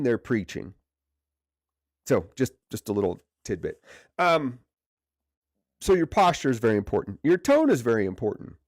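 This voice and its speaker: With a stiff neck after a bad night's sleep, a leadership coach leads a livestream training, speaking in a conversational way and repeating words to stress points. He has a mid-range, slightly mellow voice, captured in clean studio sound without room echo.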